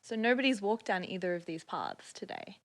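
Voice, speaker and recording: A woman's voice: medium pitch, wildly swooping pitch, brisk. An Australian woman, a podcast guest, chatting casually and explaining things at length with frequent laughs. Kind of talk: casual chat.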